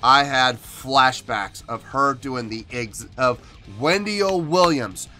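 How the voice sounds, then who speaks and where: A man's voice: mid-range voice, slow pace, pushed and bright. A man hosting a music reaction video, talking earnestly and with emotion in a casual commentary style.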